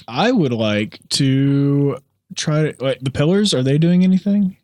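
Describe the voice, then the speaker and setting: A man's voice: on the high side, lively intonation, measured pace, a little mellow, dry recording. A man with a Southern US accent, an upbeat and teasing co-host of a tabletop game show. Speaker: player and co-host. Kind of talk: casual chat at a tabletop game.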